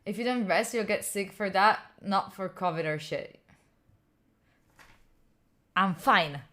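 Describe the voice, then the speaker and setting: A woman's voice: medium pitch, slow, sharp tone. A young woman from Italy, speaking English, talks casually on her study stream. She sounds tired and rambles, filling her sentences with "like" as she reads and answers her chat. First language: Italian. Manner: rambling and chatty, reading and answering chat, lots of "like".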